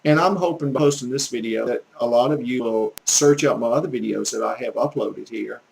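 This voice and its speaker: A man's voice: mid-range voice, fairly quick, gravelly, darkish tone, a little hiss or hum, low-quality recording. An older man with a Southern US accent, telling folksy, earnest stories in a casual rambling monologue as a language teacher. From American South, Gulf Coast. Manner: folksy, earnest, preachy storytelling.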